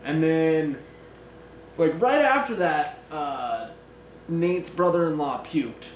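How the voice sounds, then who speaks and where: A married man tells a rambling story on a casual podcast, full of fillers and laughs at himself. His voice sits a little high. The room echoes, with a faint hiss underneath. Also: expressive, takes it slowly, lo-fi sound. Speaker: podcast co-host. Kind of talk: casual chat.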